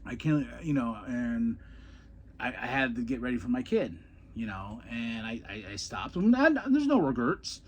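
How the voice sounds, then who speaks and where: With a medium-pitched, very animated voice at a moderate pace, this podcast host and ex-wrestler tells meandering tales from his wrestling days, laughing often and repeating himself. He then moves on to recap a show. The recording's high frequencies are cut off.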